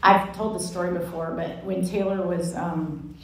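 A woman in her forties giving a candid, self-mocking teaching talk at a women's Bible study, telling stories with animated energy. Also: on the low side, normal speed. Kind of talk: sermon-style teaching talk. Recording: echoey room from far off, faint ambience.

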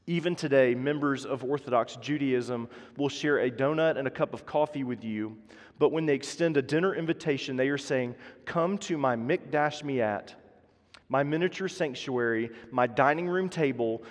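Earnest male pastor in a reverberant hall. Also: mid-range voice. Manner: earnest, rising to emphatic, then dropping soft. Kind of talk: sermon. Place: church sanctuary. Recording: long reverb of a large hall.

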